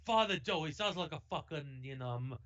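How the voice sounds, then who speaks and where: Swearing man with a lively voice. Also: on the high side, fairly quick, highs cut off. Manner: swears freely, hesitant and joking. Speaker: co-host of a reading podcast. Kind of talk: casual banter.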